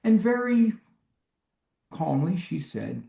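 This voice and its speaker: A man's voice: animated, unhurried, darkish tone, echoey room. A middle-aged man, a psychologist, telling humorous stories in an interview and acting out quoted voices. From United States. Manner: humorous, acts out quoted voices with big pitch jumps. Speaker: clinical psychologist and guest. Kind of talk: animated storytelling interview.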